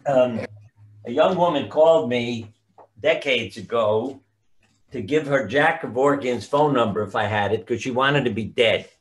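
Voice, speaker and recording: In a mid-range voice that's a little slow, an older physician-author spins lengthy anecdotes during a relaxed interview. His storytelling wanders, and names sometimes escape him.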